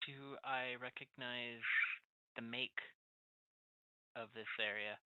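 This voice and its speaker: A woman playing a tabletop game, asking lively questions about her surroundings. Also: very deep voice, slow pace, clean tone, muffled recording. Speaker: player. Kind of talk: casual tabletop game chat.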